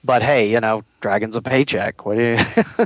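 A man's voice: fairly low pitch, moderate pace, no echo. A man co-hosting a podcast, chatting casually about old gaming comics and laughing along. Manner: chatty, amused, trails off and restarts. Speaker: podcast co-host. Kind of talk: casual chat.

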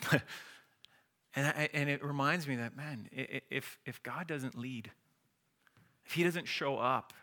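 A man preaching a sermon as a pastor, animated and acting out the voices of biblical figures. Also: mid-range voice.

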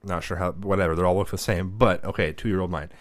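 Profane, animated dad telling stories. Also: male voice, low voice, quick pace, dry recording, studio quality. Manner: profane, animated storyteller who shouts when reenacting. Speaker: podcast co-host. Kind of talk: casual chat.

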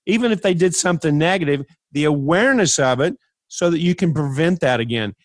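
A man hosting a podcast interview, telling stories in an emphatic, animated way. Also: a little high, fairly quick, dry recording. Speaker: podcast host. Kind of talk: conversational interview.

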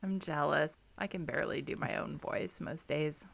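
A woman's voice: deep voice, steady tone, moderate pace, vocal fry. A middle-aged woman co-hosting a podcast in casual chat, teasing and laughing. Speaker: podcast co-host.

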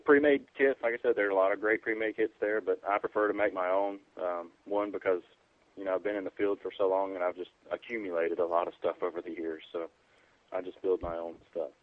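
A deep-voiced man speaks as a guest in a casual interview over a tinny phone line. He sounds dry and close, with no room around him. He explains in an easygoing, plain way and often pauses on "um" and "you know.". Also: little pitch movement, dry recording. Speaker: EMT guest on a preparedness podcast.

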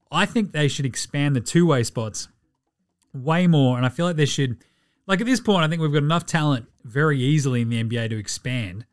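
An Australian man hosting a sports podcast in casual chat, profane and ranting, laughing often. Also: medium pitch. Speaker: podcast host.

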